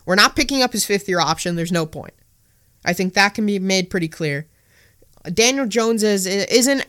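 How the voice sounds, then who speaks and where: A man's voice: sits high, bright, forceful tone. A man co-hosting a casual sports podcast, ranting bluntly and swearing freely. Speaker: podcast co-host.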